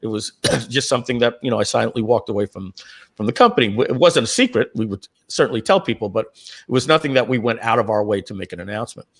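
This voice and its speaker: A middle-aged man, a company founder, telling a long personal story in a live Q&A, rambling with many restarts and frequent throat-clearing. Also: medium pitch, expressive, fast talker.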